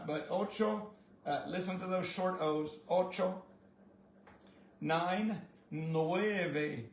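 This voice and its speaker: A man teaching a casual language lesson in a folksy, encouraging way, with joking asides. His voice sits a little high and has a gravelly edge. It sounds like he was recorded in an echoey room. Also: slight background noise. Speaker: Spanish teacher.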